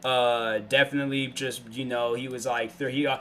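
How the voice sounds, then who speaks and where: A man's voice: medium pitch, little pitch movement, moderate pace, pushed and bright. A young man hosting his own show, talking in a casual, slangy monologue that rambles and keeps losing its thread. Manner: rambling, slangy, loses his train of thought. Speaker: show host. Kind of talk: casual solo vlog monologue.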